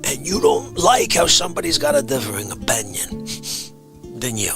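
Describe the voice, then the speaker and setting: A man hosting a live stream, ranting comically at his chat, swinging between shouting and hushed asides. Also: mid-range voice, sing-song, normal speed, creaky, music in the background. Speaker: livestream host. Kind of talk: comedic live-stream rant.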